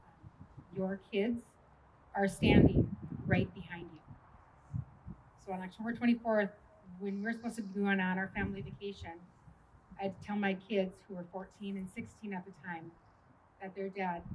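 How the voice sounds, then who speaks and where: A middle-aged woman gives a personal speech in a halting way, filling pauses with hesitant ums. Her voice sits in a middle range. Clear background noise runs under the recording. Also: medium pitch, far from the mic. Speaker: widow speaking at a memorial.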